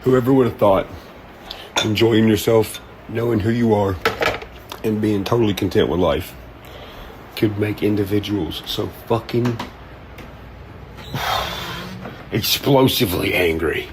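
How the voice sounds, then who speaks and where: Man, low voice, profane laid-back rambling vlog rant, faint background hum. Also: slow pace, long pauses. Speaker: content creator.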